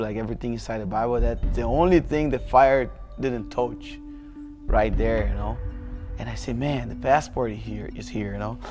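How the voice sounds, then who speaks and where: Brazilian guy in his 30s, mid-pitched voice, telling his story slow and halting, lots of "like" and "you know", faint music behind. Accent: Brazilian Portuguese. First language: Portuguese. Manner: halting, many fillers and restarts. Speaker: jiu-jitsu athlete. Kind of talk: personal storytelling interview.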